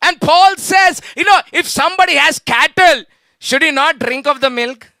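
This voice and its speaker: High, bright-voiced Indian pastor preaching. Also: male voice, normal speed, no echo. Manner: emphatic preaching with rhetorical questions to the congregation; repeats hallelujah and calls out to the church. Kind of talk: sermon.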